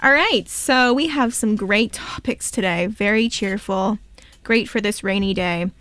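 A woman's voice: mid-range voice, a little slow, fairly bright tone, no room sound. A young woman hosting a casual college radio show, chatty and bubbly, on a close studio mic.

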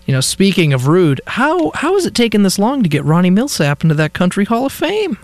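A man's voice: sits high, wildly swooping pitch, fairly quick, no room sound. A young man hosting a college radio talk show, playful and teasing with his co-hosts. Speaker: host. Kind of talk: joking college radio banter.

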